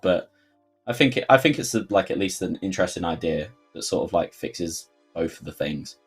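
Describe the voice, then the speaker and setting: A man's voice: sits low, moderate pace, husky, soft background music. A man with a London accent hosting a livestream Q&A, chatty and rambling, full of fillers and sudden jokey outbursts. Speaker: game developer host. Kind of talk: livestream Q&A chat.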